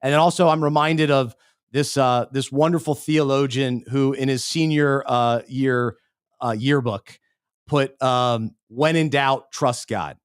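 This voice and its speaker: A man's voice: mid-range voice, steady tone, unhurried, smooth, no echo, studio quality. A middle-aged man co-hosting a faith-based podcast, talking earnestly and often restarting his words. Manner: earnest, self-interrupting, repeats words. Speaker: podcast co-host. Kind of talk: casual faith-based chat.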